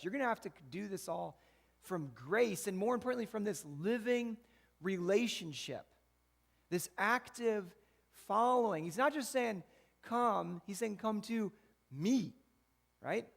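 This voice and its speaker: Pastor, male, high gravelly voice, chatty preaching style, long church-hall reverb. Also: expressive, a little slow, a bit bright. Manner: conversational preaching with frequent "right?" asides. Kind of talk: sermon.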